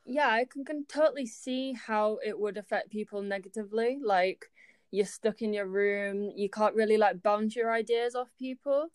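Here a student from Yorkshire, England, in her twenties, is a guest in a laid-back interview, laughing freely and saying um often. Her voice is mid-range, smooth and a little mellow, with fairly even intonation at a moderate pace, recorded dry in studio quality.

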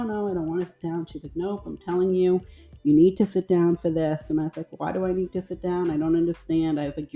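Animated middle-aged woman, lowish mellow voice. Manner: animated storyteller, acts out quoted voices. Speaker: podcast co-host. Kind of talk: casual chat.

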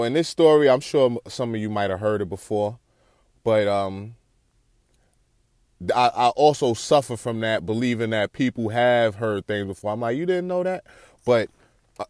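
A man's voice: mid-range voice, a little mellow, no echo. Rambling man telling a story, dry close mic. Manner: loose, rambling, self-correcting, jokey asides. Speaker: solo podcaster. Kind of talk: casual storytelling monologue.

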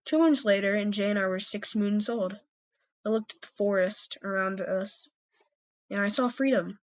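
A young woman reading her own cat story aloud in first person, earnest and slightly halting. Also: medium pitch.

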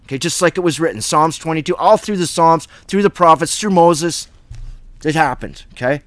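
A man's voice: fairly high pitch, moderate pace, fairly bright tone, dry recording. Man leading a casual bible study. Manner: reads scripture then riffs on it with asides.

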